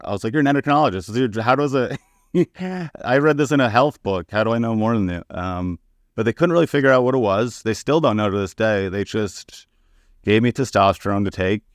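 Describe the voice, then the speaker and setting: A man's voice: fairly low pitch, clear, resonant tone, dry recording, clean studio sound. A man, a comedian guest, telling personal stories in a candid, profane, casual way and acting out the people he quotes. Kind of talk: casual podcast storytelling.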